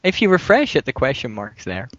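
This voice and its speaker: A man's voice: medium pitch, wildly swooping pitch, a little fast, fairly bright tone. A man co-hosting a casual podcast, chiming in with cheeky jokes. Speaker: podcast co-host. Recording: dull lo-fi podcast audio.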